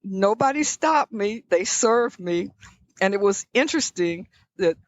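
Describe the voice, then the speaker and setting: A woman's voice: mid-range voice, animated, a little slow, dry recording. Older lady from birmingham alabama telling stories in an interview, reflective, kinda muffled audio. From Birmingham, Alabama, USA. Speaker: guest. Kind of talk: storytelling interview.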